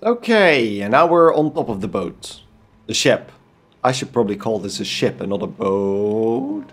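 A man's voice: medium pitch, wildly swooping pitch, unhurried, vocal fry, breathy edge, soft background music. A man casually commenting on his own video game play, curious and thinking aloud. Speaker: gameplay commentator.

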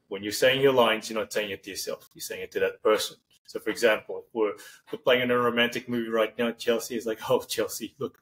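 A man hosting a podcast, talking in a rambling, animated way and acting out example lines. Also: lowish voice, slight background noise, rough recording. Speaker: podcast host. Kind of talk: casual interview chat.

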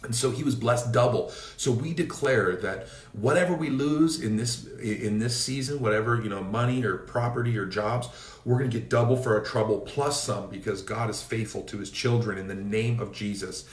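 Man preacher, mid-pitched, fervent declarations and storytelling, roomy off-mic sound. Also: moderate pace, distant mic. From Seattle area, Washington State. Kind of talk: prayer and sermon.

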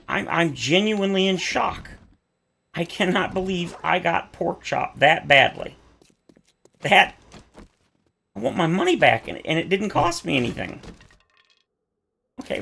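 Gravelly, animated gaming commentator man. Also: slight background noise. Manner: exasperated, theatrical complaining with big pitch jumps. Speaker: gaming YouTuber. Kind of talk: game commentary.

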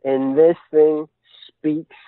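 A man's voice: fairly high pitch, little pitch movement, very slow, no echo. A man recounting a frightening encounter in casual storytelling, earnest and run-on, chaining events together. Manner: earnest, tumbling run-on retelling. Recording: tinny dry phone line.

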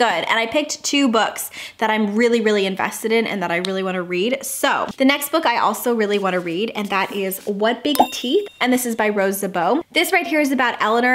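Young woman book vlogger, bright chatty delivery, slightly high voice, filler-heavy casual talk. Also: a little hiss or hum. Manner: bubbly and chatty, with many "like" fillers. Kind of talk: casual chat to camera.

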